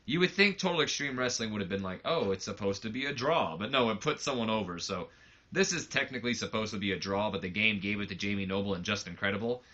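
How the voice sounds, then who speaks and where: A man's voice: lowish voice, expressive, fast, bright, forceful tone. A man giving casual let's play commentary on a wrestling game, rambling loosely with lots of fillers, on a slightly muffled mic.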